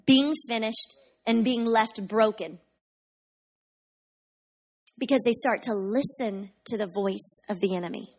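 A woman pastor preaching a sermon with passion, building up to shouted declarations of faith. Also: on the high side.

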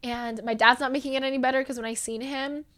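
Expressive young woman telling a story. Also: high voice, quick pace. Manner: animated, gets loud and emotional retelling tense moments. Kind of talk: casual storytelling.

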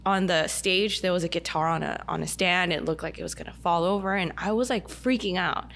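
Gravelly-voiced woman telling a story. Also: on the low side, fairly quick. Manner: chatty, heavy use of "like", animated retelling. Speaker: podcast guest, dance studio owner. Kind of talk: casual personal storytelling. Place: indoor podcast table over a meal.

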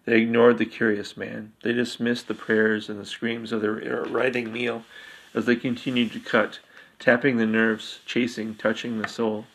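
A man reading a dark fantasy story aloud, steady, with occasional slips he corrects. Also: mid-range voice, unhurried, breathy edge. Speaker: narrator.

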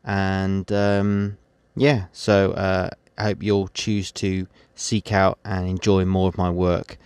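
A man hosting a podcast, reading his poems in a measured way and speaking his closing words with many hesitations. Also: low-pitched, flat delivery, darkish tone, clean tone, dry recording. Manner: measured recitation, then halting unscripted outro with many fillers. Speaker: poet and podcast host. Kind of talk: poetry reading.

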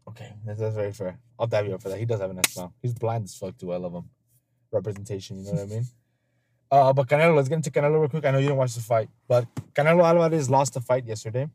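A man's voice: medium pitch, racing, darkish tone, a little hiss or hum. Profane, laid-back man hosting a podcast. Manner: loose, profane storytelling; laughs often. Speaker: podcast host. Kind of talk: casual podcast chat.

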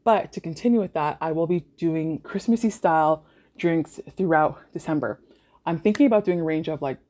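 Young canadian woman podcasting, kinda low voice, swears a lot, says like constantly, laughs a bunch. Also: dark tone. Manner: swears freely, laughs often, fillers like "like". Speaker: podcast host. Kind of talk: casual storytelling monologue.

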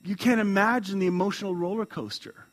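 A man preaching a sermon as a pastor, reading a story aloud, chuckling and swinging between loud and hushed lines. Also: high voice, brisk.

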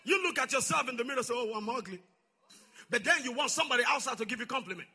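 A male preacher delivering a sermon, calling out to the congregation and swinging from shouting to soft, low asides. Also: very fast, slightly rough. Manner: call-and-response, swings from shouting to near-whisper.

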